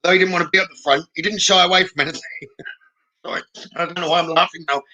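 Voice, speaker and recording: A man giving a live psychic reading, gentle and reassuring, often checking in with "okay?" and pausing with "um". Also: high-pitched, steady tone, highs cut off. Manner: hesitant, with many "um" pauses. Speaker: psychic medium.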